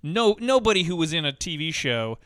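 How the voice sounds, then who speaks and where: A man's voice: a little high, sing-song, fairly quick, fairly bright tone, clean tone, dry recording, clean studio sound. A man co-hosting a podcast, chatting casually about movies and often restarting his sentences. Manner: rambling, with frequent restarts. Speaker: podcast co-host.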